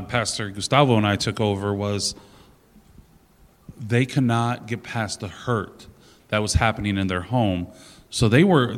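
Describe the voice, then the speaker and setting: A man with a fairly low voice who speaks bluntly and throws in a joke from time to time. A long reverb hangs on his words. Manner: blunt, joking. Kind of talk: casual panel discussion.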